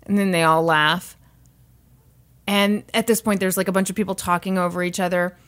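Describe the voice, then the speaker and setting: A woman hosting a podcast, telling a story in casual chat and acting out the people she quotes. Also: moderate pace. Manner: animated, acts out quoted people with raised pitch. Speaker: podcast host.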